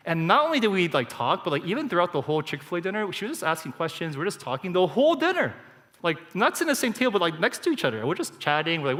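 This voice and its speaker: A man, preaching a sermon in a relaxed, conversational way and telling personal stories with animated asides. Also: sits high, racing. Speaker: pastor. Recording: church hall with long reverb.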